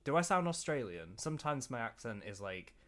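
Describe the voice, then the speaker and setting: A man's voice: mid-range voice, very animated, fairly quick, fairly bright tone. An English man with a mixed northern and southern accent, laughing and swearing as he reacts to his old work on a stream. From England. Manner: laughing, self-mocking, sweary. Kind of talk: casual reaction commentary.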